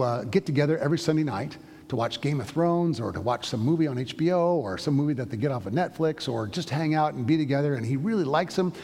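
Husky middle-aged pastor preaching in a reverberant hall. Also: male voice, medium pitch, a little mellow. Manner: conversational storytelling with frequent restarts. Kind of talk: sermon.

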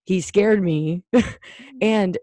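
Mellow-voiced chatty woman. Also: medium pitch, extremely slow, no room sound. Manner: chatty storyteller, frequent "like" and laughs. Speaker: podcast co-host. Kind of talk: casual chat.

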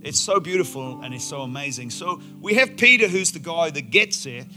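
Male pastor, lively storytelling sermon, sharp bright timbre, faint guitar behind. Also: on the high side, moderate pace. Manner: animated, enthusiastic storytelling with playful asides. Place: church auditorium before a congregation.

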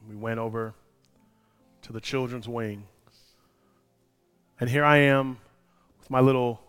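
A male pastor preaching a sermon, moving from quiet personal storytelling to loud, impassioned preaching. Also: medium pitch.

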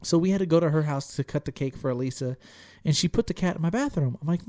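A man in a casual podcast chat, telling a profane story in an animated way and acting out quotes in a raised voice. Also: on the high side, fast talker.

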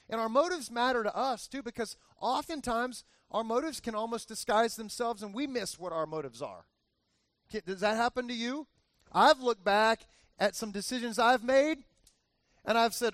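A man's voice: very high voice, moderate pace, fairly bright tone, dry recording, clean studio sound. A male pastor giving a conversational sermon, often repeating phrases for emphasis and adding joking asides.

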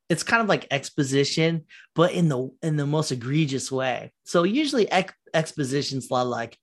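A man talks on his own podcast in a loose, rambling rant, swearing freely. His voice sits a little high for a man. He laughs often and mocks characters in quoted voices. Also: animated, fairly quick, few pauses. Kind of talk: casual solo podcast rant.

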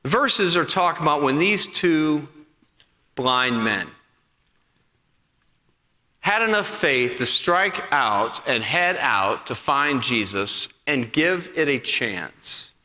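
A man preaching a sermon as pastor, telling a Bible story with acted-out voices and dropping to hushed appeals. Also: medium pitch, slow. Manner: animated storytelling, acting out voices, then hushed and intimate. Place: church sanctuary. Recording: long reverb of a hall.

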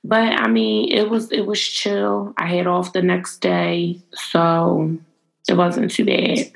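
A woman's voice: fairly low pitch, little pitch movement, takes it slowly, creaky. A young adult woman chatting casually, blunt and laid-back, swearing freely. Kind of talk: casual chat.

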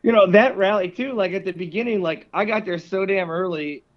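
High-voiced man telling stories. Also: a little fast, muffled recording. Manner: animated storyteller, swears freely. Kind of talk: casual podcast chat.

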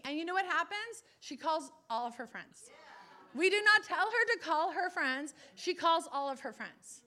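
Woman preacher, high bright voice, animated storytelling, acts out the people she quotes. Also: moderate pace. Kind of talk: testimony in a sermon.

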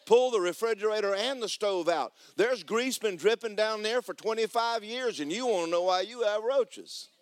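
A man preaching a sermon as pastor in a church, animated and emphatic with folksy humor. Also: high voice, normal speed, few pauses, dry recording. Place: church sanctuary.

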